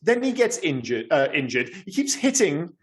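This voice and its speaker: A man co-hosting a film podcast, chatting casually and rambling with lively, sweary asides. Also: on the high side, moderate pace. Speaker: podcast co-host. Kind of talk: casual chat.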